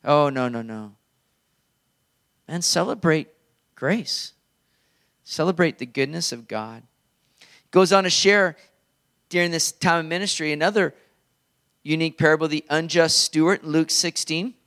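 A man's voice: fairly high pitch, measured pace, long pauses, fairly bright tone. A male pastor preaching a sermon in an earnest, conversational way.

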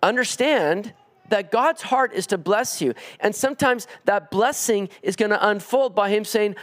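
Earnest preacher, slightly higher voice. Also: male voice, lively intonation, normal speed, a bit bright. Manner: earnest preaching, rising in pitch on emphatic pleas. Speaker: pastor. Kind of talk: expository sermon.

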